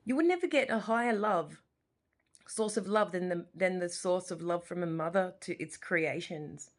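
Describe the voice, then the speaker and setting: A woman in her forties from Australia, speaking with a lowish voice at a moderate pace, vlogs from her living room. Looking straight into the camera, she gives an emotional, impassioned monologue that rambles and repeats frequently.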